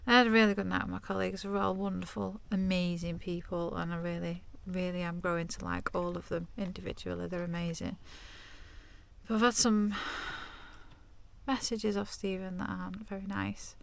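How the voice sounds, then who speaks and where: Creaky-voiced woman vlogging. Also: lowish voice, flat delivery, normal speed, a little hiss or hum. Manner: candid, confessional, chatty. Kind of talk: casual vlog to camera. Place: inside her van.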